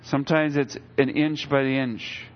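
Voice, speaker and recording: A man's voice: medium pitch, level tone, normal speed, lo-fi sound. A middle-aged man preaching a sermon as a pastor, in a conversational way, and acting out little quotes as he goes.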